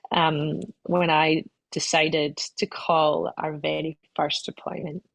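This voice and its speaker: A woman's voice: sits low, level tone, slow, creaky, no echo, rough recording. A woman, a company CEO, answering interview questions in a chatty, self-deprecating way, often laughing at herself and restarting sentences.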